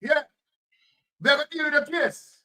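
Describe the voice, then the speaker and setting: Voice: high-pitched, steady tone, moderate pace, pushed and bright, far from the mic, low-quality recording. A political commentator with a Jamaican accent, talking emphatically and repeating phrases in Jamaican Patois. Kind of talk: impassioned commentary.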